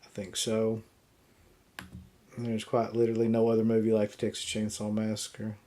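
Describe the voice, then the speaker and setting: A man co-hosting a casual horror movie talk show, relaxed and opinionated, swearing casually as he weighs the list. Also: fairly low pitch, moderate pace. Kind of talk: casual chat reviewing a ranked list.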